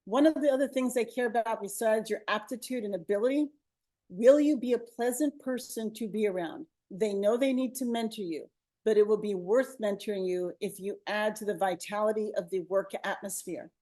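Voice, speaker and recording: A woman's voice: mid-range voice, moderate pace, warm tone. A woman co-hosting a webinar, giving upbeat interview coaching over a video call with a clip-on mic. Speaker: co-host, media coach. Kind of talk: webinar advice talk. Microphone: lavalier on a video call.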